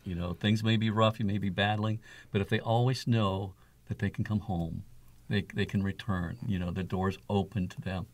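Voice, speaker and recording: Gravelly low-voiced father telling his story. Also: steady tone, moderate pace. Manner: earnest, reflective, with soft laughs. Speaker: guest, author and father. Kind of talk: conversational interview storytelling.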